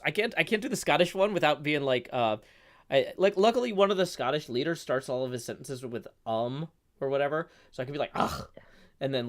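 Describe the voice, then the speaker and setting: A man chatting casually on a live stream, rambling and full of hesitant fillers. His pitch moves lively up and down while he talks. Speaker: streamer and host.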